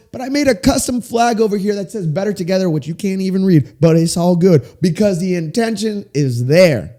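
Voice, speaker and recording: A man in his twenties hosting a faith-based solo podcast, talking with big swings up and down in pitch, in a small room with sound panels. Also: dark tone. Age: 20s. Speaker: podcast host.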